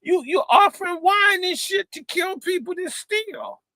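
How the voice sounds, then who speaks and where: A man putting on a shrill, panicked young thief. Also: a little slow, bright, forceful tone, no echo, full character voice. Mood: shrill pleading. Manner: shrill, pleading, accusing.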